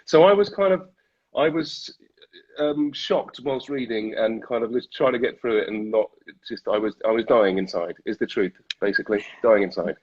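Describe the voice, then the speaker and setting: A British man, an actor, chatting in an interview, self-deprecating and quick to laugh. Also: fairly low pitch, a little mellow. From Britain. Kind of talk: casual interview chat. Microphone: video call. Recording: dull lo-fi livestream audio.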